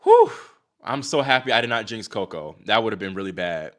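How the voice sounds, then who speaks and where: Excitable young man chatting on a livestream. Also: fairly low pitch, fast talker. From Virginia, US. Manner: excitable, talks to chat, sighs and exclaims. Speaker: livestream host reacting to tennis. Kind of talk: casual live-stream chat.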